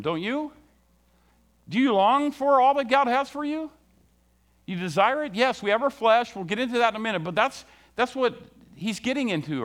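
A man preaching a sermon, often asking his congregation questions and reading scripture slowly. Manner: asks the congregation frequent questions; reads scripture slowly, drops low and soft to stress points. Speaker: pastor.

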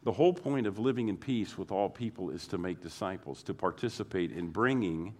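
A man's voice: low-pitched, expressive, fairly quick, darkish tone. A man preaching a sermon to his congregation, repeating phrases and building emphasis as he goes. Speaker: pastor.

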